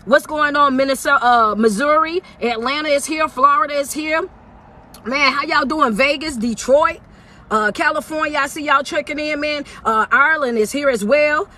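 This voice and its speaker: Woman, motivational speaker on a phone live stream in a car; bright, forceful, preachy and upbeat. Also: high voice. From South Carolina. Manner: energetic, preachy call-and-response, greets viewers by place. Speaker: motivational speaker and life coach. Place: inside a parked car.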